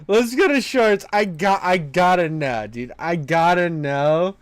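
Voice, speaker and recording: Crude, high-voiced male reaction streamer. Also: measured pace, clean tone, no echo. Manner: crude, profane, laughs often. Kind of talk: casual reaction commentary.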